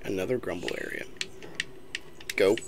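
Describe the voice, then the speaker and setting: A woman's voice: a bass voice, moderate pace, gravelly, background noise. A woman playing a roguelike and chatting with a child in a casual, playful, teasing way, recorded on a laptop webcam mic. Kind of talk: casual let's-play commentary.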